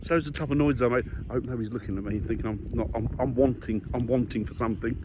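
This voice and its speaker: A man's voice: mid-range voice, steady tone, racing. Chatty man vlogging in a museum. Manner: enthusiastic, chatty, talks to viewers while walking. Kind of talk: casual vlog commentary. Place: museum grounds and aircraft halls. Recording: noisy background ambience.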